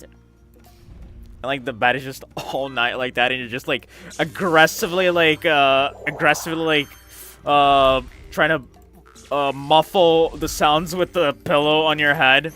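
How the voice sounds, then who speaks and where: Slow-talking bright-voiced male gamer. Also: fairly high pitch, fairly even intonation, faint music behind. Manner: rambling, laughing, heavy use of "like". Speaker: gaming channel host. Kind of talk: casual let's-play commentary.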